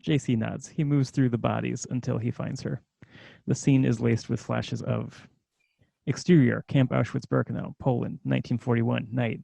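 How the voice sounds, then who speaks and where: A man's voice: medium pitch, level tone, normal speed, creaky, warm tone, breathy edge, no echo. A man narrating screenplay stage directions in a matter-of-fact way.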